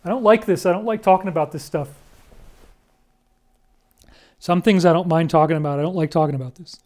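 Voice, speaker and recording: A man's voice: on the high side, very fast, a little mellow. A man talking through a series of photos in an earnest, emphatic monologue, often addressing listeners directly. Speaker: commentator.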